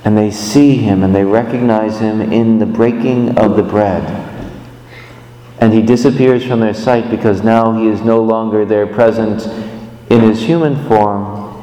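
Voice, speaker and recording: A man preaching a sermon, telling the story in an animated way with big swings in pitch. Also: unhurried, reverberant, long reverb tail, rough recording.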